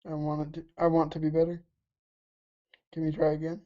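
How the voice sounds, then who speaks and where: A woman's voice: deep voice, completely flat delivery, moderate pace. Giggly woman on a dull, lo-fi call. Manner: playful, giggly, teasing. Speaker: streamer, co-host. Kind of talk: casual gameplay chat.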